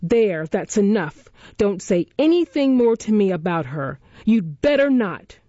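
A reader voicing a quiet, grieving orphan boy who answers sharply, in a dull, dry recording. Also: medium pitch, very animated, unhurried, no room sound. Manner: quiet, then sharp and defiant.

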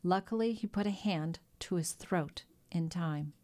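A woman narrating a classic novel aloud in a steady, even storytelling manner. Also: lowish voice, unhurried. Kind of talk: audiobook narration.

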